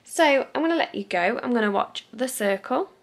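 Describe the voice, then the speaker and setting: Chatty British woman with vocal fry. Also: a little high, lively intonation, normal speed. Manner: chatty, rambling, laughs at herself. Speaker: vlogger. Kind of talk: chatty home vlog. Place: at home on her sofa.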